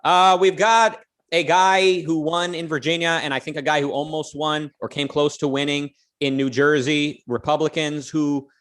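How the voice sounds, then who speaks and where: A man's voice: fairly high pitch, steady tone, normal speed, fairly bright tone. A man co-hosting a casual livestream, talking loosely and joking, with plenty of fillers and restarts. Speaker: co-host.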